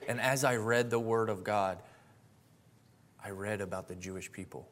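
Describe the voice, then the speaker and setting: A man's voice: fairly low pitch, steady tone, normal speed, a bit bright, slight background noise. A man in his late twenties giving a personal testimony and sermon, earnest and heartfelt, rising to fervent emphasis. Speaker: preacher.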